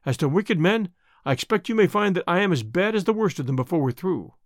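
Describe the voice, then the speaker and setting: A man's voice: high-pitched, lively intonation, fast talker, no echo, clean studio sound. A man reading a story aloud, voicing a bold, defiant young man who protects the woman he loves.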